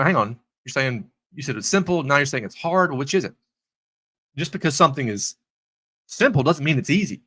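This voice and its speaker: Earnest man leading a live trading lesson, fairly high voice, repeats words at sentence starts. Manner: animated storyteller, acts out characters with high voices. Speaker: trading instructor. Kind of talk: live-streamed teaching with stories.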